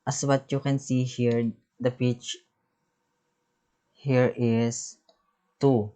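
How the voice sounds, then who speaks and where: Slow, halting male music teacher. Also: medium pitch, level tone, dark tone, low-quality recording. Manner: halting, reads terms and definitions with restarts. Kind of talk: reading lecture slides.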